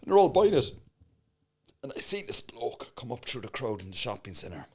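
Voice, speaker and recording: A man's voice: medium pitch, moderate pace, breathy edge. A man with an Irish accent, a comedian guest telling stories in a casual podcast interview. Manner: animated storyteller, acts out voices.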